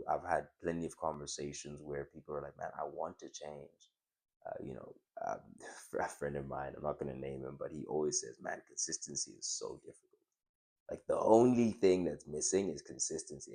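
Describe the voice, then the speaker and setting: A man hosting his own video, talking reflectively to the camera in a casual motivational way, halting and restarting often. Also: sits low, darkish tone. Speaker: video host.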